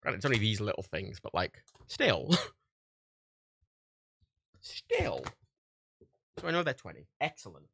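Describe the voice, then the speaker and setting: Swearing man, gravelly lively voice. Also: on the low side, a little fast, no room sound. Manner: profane, ranting, laughs often. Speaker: livestreamer. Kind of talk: casual livestream chat while packing orders.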